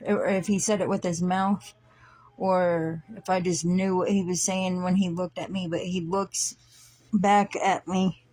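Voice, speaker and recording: A woman earnestly retelling a dream in casual testimony, halting with many fillers and restarts. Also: lowish voice, darkish tone. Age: older than her siblings by fifteen years; adult. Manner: earnest, slow-paced retelling. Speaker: dream storyteller.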